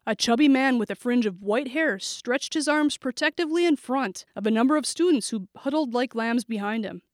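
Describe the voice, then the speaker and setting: Female thriller narrator, steady and vivid, bright-leaning voice, dead-dry booth. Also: on the high side, brisk, dry recording. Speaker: audiobook narrator.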